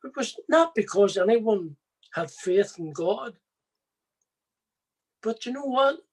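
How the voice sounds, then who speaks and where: A man's voice: high-pitched, lively intonation, slow pace, husky. A man giving a personal faith testimony, telling his story plainly and speaking straight to his listeners.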